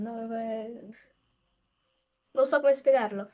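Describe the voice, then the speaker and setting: A woman's voice: high-pitched, normal speed, a little mellow, highs cut off. A woman with an Italian accent, a native Italian speaker, chatting and giggling while streaming a game. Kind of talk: casual gaming chat.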